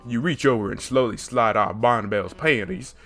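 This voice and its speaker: A man playing a dating game on his channel, reading the text aloud with excitable asides. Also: medium pitch, fairly quick, soft background music. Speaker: gaming YouTuber.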